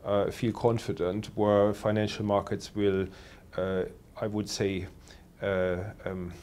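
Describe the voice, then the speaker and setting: A man working as a telecoms analyst, answering interview questions in a measured way with many pauses and fillers. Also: lowish voice, little pitch movement, a little mellow, slight background noise.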